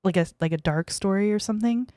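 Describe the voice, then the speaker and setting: A woman's voice: medium pitch, quick pace, warm tone, no room sound, clean studio sound. A young woman streaming as a VTuber, chatting casually with her viewers in a giggly, bratty way and squealing when they tease her. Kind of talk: casual livestream chat reading viewer messages.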